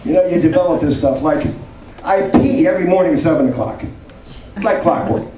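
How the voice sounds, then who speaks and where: Brisk and on the high side, a 70-something man delivers a rambling stand-up set full of self-mockery, with background noise around him. It's recorded in an echoey club from a distant mic, audience laughter audible.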